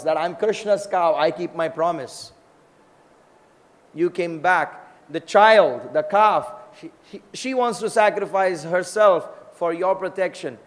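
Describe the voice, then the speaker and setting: A man voicing a protective young cowherd god in a told story, calm and firm. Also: sits high, big-room sound.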